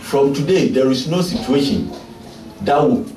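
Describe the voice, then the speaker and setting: A male pastor preaching a sermon in a church, emphatic and often shouting. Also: medium pitch, lively intonation, a little slow. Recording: echoey church from far off.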